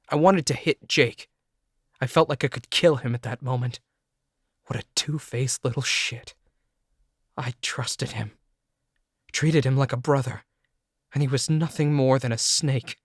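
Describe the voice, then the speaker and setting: A medium-pitched male audiobook narrator reads scripted first-person narration in an intense, emotional way. He is close to the mic, with no room sound.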